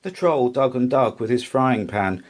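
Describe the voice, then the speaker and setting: A man reading a children's storybook aloud with slow, expressive narration. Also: medium pitch. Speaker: storybook reader.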